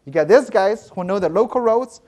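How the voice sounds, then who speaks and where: Lively high-voiced man giving a lecture. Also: brisk. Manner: lively storytelling, asks the audience "right?", frequent restarts. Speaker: education professor giving a keynote. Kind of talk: conference lecture. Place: conference hall.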